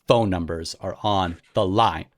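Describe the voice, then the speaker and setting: A man, a podcast host telling a story in a lively way and laughing often as he goes. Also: sits low, unhurried. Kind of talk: casual storytelling.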